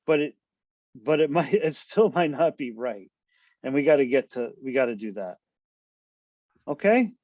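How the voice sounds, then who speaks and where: A man's voice: mid-range voice, animated, normal speed, long pauses, dry recording, muffled recording. A man lecturing a university class online in a casual, conversational way, often checking in with "right?" to his students. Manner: loose, conversational, full of tag questions.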